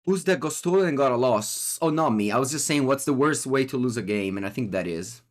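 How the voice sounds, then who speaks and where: A man with an Italian accent streams his gameplay, thinking out loud and bantering with his chat. His voice sits at a middle pitch but swings widely and animatedly from phrase to phrase. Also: fairly quick. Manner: animated, chatty, talks to himself and chat. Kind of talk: live gameplay commentary.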